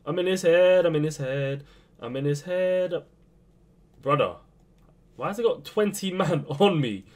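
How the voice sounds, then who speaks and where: A young man commentating his own football video game match, swinging between low muttering and sudden shouts. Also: measured pace. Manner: excitable, swings from muttering to yelling. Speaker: gaming youtuber. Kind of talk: live gameplay commentary.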